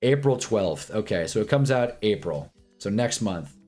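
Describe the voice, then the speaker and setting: A man's voice: on the low side, animated, mellow. A young man hosting a sports watch-along livestream, chatting casually and candidly, rambling and swearing, repeating himself, with faint music behind him. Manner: puts on quick voices for quoted people. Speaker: livestream host.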